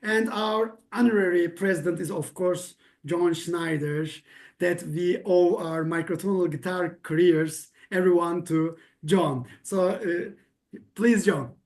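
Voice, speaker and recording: A man whose first language is Turkish, hosting an online awards ceremony and speaking hesitantly with many pauses. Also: sits high, steady tone, darkish tone. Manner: hesitant, many "uh" fillers, friendly.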